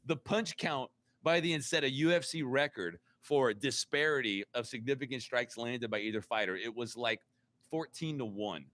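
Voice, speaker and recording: A man's voice: medium pitch, moderate pace, a bit bright. A man hosting a casual podcast chat, rambling and repeating words as he searches for them. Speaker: podcast host.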